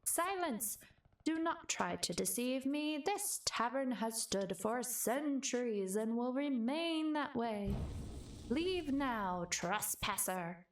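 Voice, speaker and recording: A woman's voice: a little high, expressive, slow pace, far from the mic, a little hiss or hum, pitched above the performer's own voice. A woman voicing a grumpy male magic cat who guards an old tavern, speaking in a haughty, scornful way.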